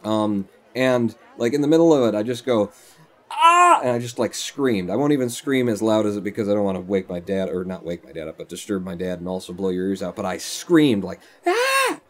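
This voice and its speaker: A man's voice: on the low side, fast talker, hardly any pauses, darkish tone. A man chatting casually on a live stream at home, rambling as he tells stories while playing.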